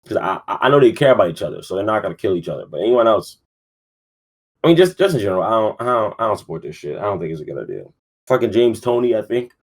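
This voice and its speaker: Casual male podcast host with a deep voice, rambling, sleepy, swears a lot. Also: big pitch swings, fast talker. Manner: rambling, profane, lots of fillers. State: yawning, sleepy. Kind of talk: casual sports talk.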